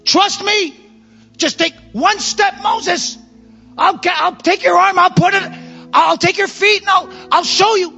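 A man preaching and voicing God as he urges Moses forward, loud and pleading with repeated commands. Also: extremely high pitch, steady tone, unhurried, vocal fry, faint music behind, pitched above the performer's own voice, heavily acted. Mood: urging. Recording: muffled hall with long reverb.

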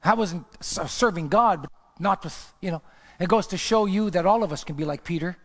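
A man preaching a sermon, telling a personal story in a lively way and jumping his voice up when he acts out what he said. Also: high-pitched, a little fast. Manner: animated storytelling, voice jumps up when acting out his own words. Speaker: pastor. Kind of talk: sermon testimony. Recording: long hall reverb.

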